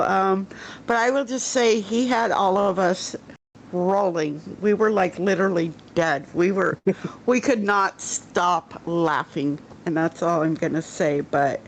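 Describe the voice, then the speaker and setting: A woman's voice: medium pitch, a little slow, a little hiss or hum, low-quality recording. A woman hosting a casual livestream, chatty, greeting viewers in the chat and laughing easily. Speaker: show host.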